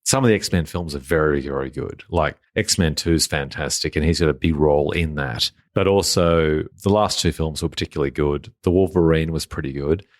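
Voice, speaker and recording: A man co-hosting a casual podcast, explaining his points in a measured, listing way. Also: extremely low pitch, no room sound, studio quality. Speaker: podcast co-host. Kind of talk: casual conversational podcast chat.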